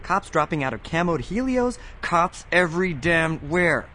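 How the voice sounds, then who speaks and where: Brief: actor voicing a fed-up sarcastic friend, high lively voice, faint hiss behind. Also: male voice, measured pace, heavily acted. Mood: indignant. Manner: sarcastic, indignant. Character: exasperated young male friend, sarcastic and fed up. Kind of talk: audio drama acting.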